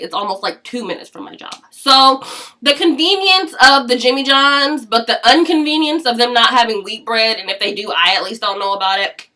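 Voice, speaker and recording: Young woman, high voice, bright, blunt casual rant with cursing. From Seattle area, US. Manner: blunt, heavy cursing, laughing asides. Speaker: vlogger.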